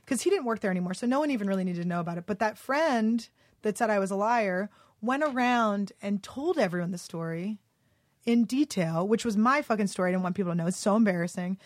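A young woman, a comedian appearing as a guest on a casual podcast, tells a heated story packed with swearing and "like." Her mid-range voice is expressive and fast, with no echo.

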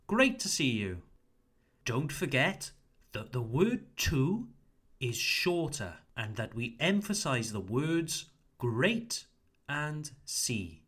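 A man hosting a podcast lesson, repeating model phrases slowly and clearly for learners to practise. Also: mid-range voice, very animated, fairly bright tone, soft background music. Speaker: English teacher, podcast host.

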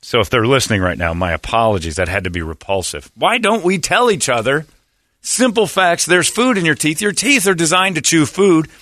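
A man's voice: fairly high pitch, lively intonation, a little fast, bright, forceful tone, no room sound, clean studio sound. A man hosting a radio show, telling a story in a casual, self-mocking way. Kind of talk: casual morning-show chat.

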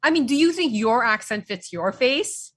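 A woman co-hosts a casual chat show with a slightly high, husky voice. She teases her partner playfully, and her pitch rises and falls in a lively way. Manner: playful teasing, quick laughs. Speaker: co-host.

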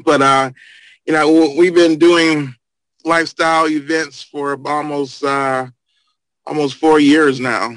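A man's voice: on the high side, steady tone, slow, a bit bright, no echo, poor audio. A man on a group call, talking about his business in an easygoing way with many fillers. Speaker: guest, events company owner. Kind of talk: casual call-in chat.

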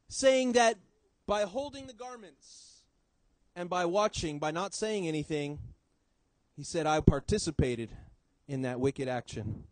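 A man preaching a sermon in church, swinging between loud emphasis and quiet low drops. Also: dry recording, poor audio.

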